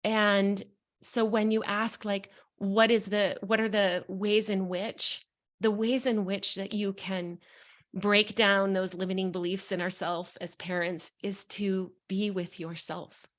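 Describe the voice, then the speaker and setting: A woman's voice: mid-range voice, level tone, slow pace. A middle-aged woman, a coach appearing as a guest, frankly and earnestly recounting a personal story in conversation, openly emotional.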